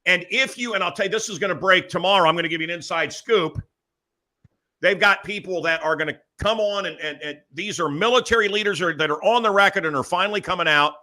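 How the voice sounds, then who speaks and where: A man hosting a talk show, speaking in animated, emphatic bursts with quieter asides. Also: sits high, quick pace. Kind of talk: excited talk show chat.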